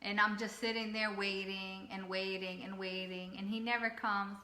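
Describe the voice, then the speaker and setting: Bright, lively woman telling a story. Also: mid-range voice, moderate pace. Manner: lively, quotes others, laughs often. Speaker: co-host of a family channel. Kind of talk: casual storytelling chat. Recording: echoey room.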